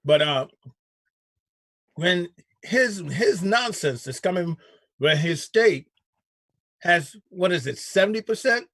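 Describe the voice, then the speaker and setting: A man hosting a casual talk show, riffing in an animated way with frequent restarts. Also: sits high, takes it slowly, pauses often, dry recording, studio quality. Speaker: show host. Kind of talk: casual chat.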